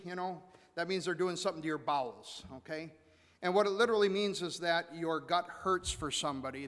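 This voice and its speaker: Pastor preaching in a reverberant church. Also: male voice, fairly high pitch. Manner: conversational preaching with repetitions and sudden loud emphasis. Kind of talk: sermon. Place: church sanctuary.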